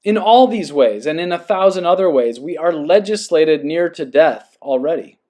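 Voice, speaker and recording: A podcast host with a voice pitched a little high for a man. He reads a passage slowly and then reflects earnestly in a monologue, often pausing to check that the listener follows. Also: animated, mellow. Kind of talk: reading aloud and reflective monologue.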